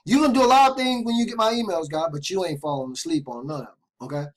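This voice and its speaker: A man hosting an internet marketing video, talking straight to viewers in an excited, casual way, keeps checking in with them. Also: high-pitched, fast. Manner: loose casual phrasing with repeated restarts. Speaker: host of an internet marketing channel. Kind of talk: casual direct-to-camera talk.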